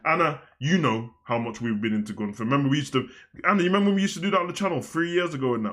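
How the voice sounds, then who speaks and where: Talking very fast in a voice on the high side, a young man reviews a wrestling show on a live stream. The tone is casual and animated, full of slang, with loud outbursts giving way to mumbled side comments.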